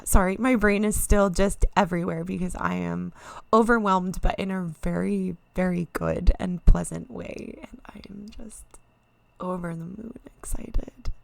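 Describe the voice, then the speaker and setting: A woman's voice: lowish voice, gravelly, no room sound. A woman streamer chatting casually and emotionally to viewers, rambling and near tears. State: teary, near crying. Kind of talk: casual live-stream chat.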